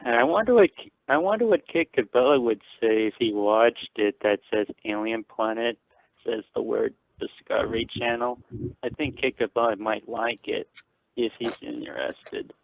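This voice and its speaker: A man's voice: mid-range voice, normal speed, vocal fry, no room sound. Rambling man on a tinny phone line. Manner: rambling, hesitant, many fillers. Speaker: caller. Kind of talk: casual call-in chat. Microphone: phone call.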